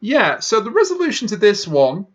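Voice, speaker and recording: A man's voice: high-pitched, wildly swooping pitch, moderate pace. Wry man on a dull lo-fi mic. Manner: wry, jokey, explains details at length. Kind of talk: casual review chat.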